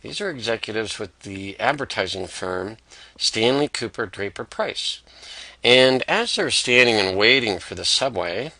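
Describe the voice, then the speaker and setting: A man presenting an explainer pitch, telling a conversational story full of fillers. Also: lively intonation, a little slow, sharp tone, no room sound.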